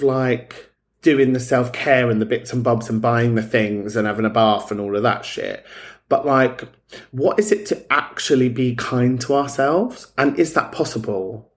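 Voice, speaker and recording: Guy hosting a podcast, frank and sweary, mid pitch, chatty. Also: measured pace. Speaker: podcast host. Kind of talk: casual chat.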